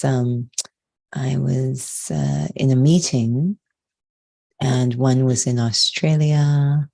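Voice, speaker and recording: Calm woman, gravelly warm voice. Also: a bass voice. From Canada. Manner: calm, measured, unhurried. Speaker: meditation teacher, guest. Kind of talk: slow reflective spiritual talk.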